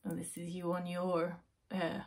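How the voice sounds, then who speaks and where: A woman giving a direct-to-camera tarot reading, coaxing the viewer with rhetorical questions and slowing into guided breathing. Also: fairly low pitch, completely flat delivery. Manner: soothing, slows into guided breathing. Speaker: tarot reader.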